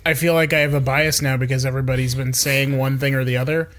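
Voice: mid-range voice, little pitch movement, fast, a bit bright. A player on a tabletop game podcast making playful, dry asides in casual banter.

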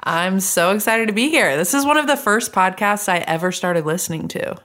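A woman's voice: medium pitch, lively intonation, fairly quick, a bit bright. Bubbly woman guest on a podcast. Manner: bubbly, laughing often. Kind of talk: casual podcast chat.

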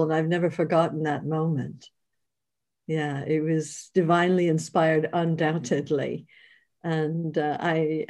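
An older woman speaks slowly and with care about spiritual matters. Her voice is very low and mellow, and she gives each phrase time. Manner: slow, spiritual, measured. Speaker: teacher and host. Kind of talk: reflective conversation.

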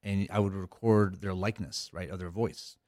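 Low-voiced man, rambling interview talk. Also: steady tone, normal speed, a little mellow, dry recording, studio quality. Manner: rambling, many fillers and restarts. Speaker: cybersecurity guest.

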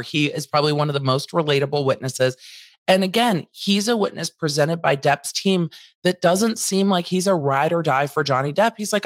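A woman's voice: low voice, normal speed, no echo, studio quality. A woman hosting casual legal commentary, chatting through testimony and paraphrasing witnesses with asides.

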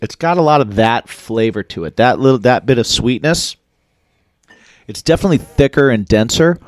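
A man's voice: medium pitch, animated, moderate pace, no room sound. Laughing man chatting while tasting bread. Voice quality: laughs often and restarts sentences. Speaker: co-host tasting food. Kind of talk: casual chat.

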